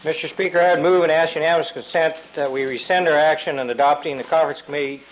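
A man, a state representative, making a halting, deliberate floor argument about procedure with many fillers and restarts. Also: a little high, fairly even intonation, a little hiss or hum, poor audio. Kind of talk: floor debate. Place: legislative chamber.

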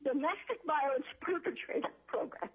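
A woman's voice: high voice, normal speed. A woman giving emotional, indignant public testimony, heard over a tinny phone line. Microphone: telephone.

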